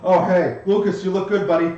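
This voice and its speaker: A flustered, gushing latecomer, as a man puts him on, talking in a loud, quick rush. The voice is far from the mic in a very echoey room. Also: high-pitched, fairly even intonation, muffled recording, slight background noise, voice pushed up, natural voice. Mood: frantic.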